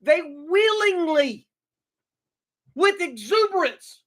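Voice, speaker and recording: A woman's voice: sits high, normal speed, fairly bright tone. A woman hosting a livestream, ranting with anger and indignation, repeating herself and stumbling over restarts. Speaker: livestream host. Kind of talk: ranting live commentary.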